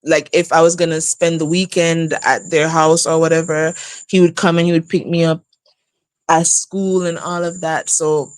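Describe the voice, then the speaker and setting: A woman in her thirties telling a personal story casually on a live stream, laughing often and jumping high in pitch for emphasis. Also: flat delivery, normal speed, smooth, no echo. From outside the U.S. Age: 30s. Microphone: live stream setup.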